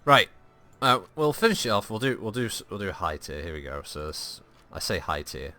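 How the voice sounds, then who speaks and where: A man's voice: fairly low pitch, big pitch swings, fairly quick, bright, forceful tone. A man giving live, joking gameplay commentary as a streamer, rambling, swearing and answering his chat. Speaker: gaming streamer.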